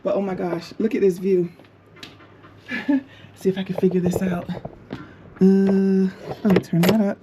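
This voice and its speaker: Excitable woman touring a hotel room. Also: medium pitch, a little slow, long pauses, background noise. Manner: excited, exclaiming and laughing often. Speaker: travel vlogger. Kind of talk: casual hotel room tour. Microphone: handheld camera.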